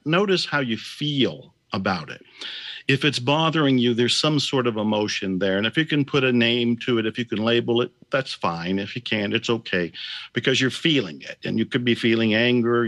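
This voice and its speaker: A man leading a slow, reverent guided healing meditation, his voice dropping softly at times. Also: medium pitch. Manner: soft, slow, reverent, drops to near whisper.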